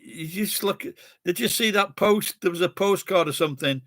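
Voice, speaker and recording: A man's voice: high-pitched, moderate pace, a bit bright, no room sound, clean studio sound. Sweary blunt man with Sheffield accent. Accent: Sheffield English. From Sheffield, England. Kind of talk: casual chat with friends.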